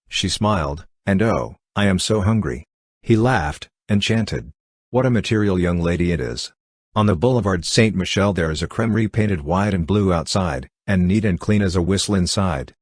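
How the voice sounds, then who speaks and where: A man reading a classic novel aloud as an audiobook narrator, in an even, unhurried way, voicing the dialogue in his own voice. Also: sits low, breathy edge, dry recording, clean studio sound. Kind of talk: scripted narration.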